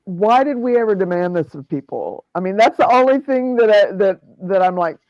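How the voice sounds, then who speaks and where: A middle-aged woman speaks frankly in casual chat and laughs a lot. Her voice is mid-pitched and dry, and sounds a bit muffled. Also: expressive, moderate pace, a little mellow, dry recording.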